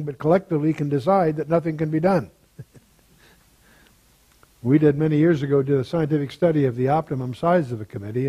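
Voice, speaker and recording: An older man teaching through a Bible passage verse by verse, reading scripture slowly and breaking off into chuckling asides. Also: fairly high pitch, warm tone, slightly rough, poor audio.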